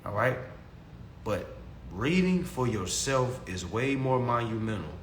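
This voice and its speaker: Speaking at a measured pace in an animated, medium-pitched voice, this young man lectures his followers on consumer law with a faint hiss or hum in the audio. He's casual but preachy, says things more than once, and addresses everyone as family from an echoey room with faint ambience.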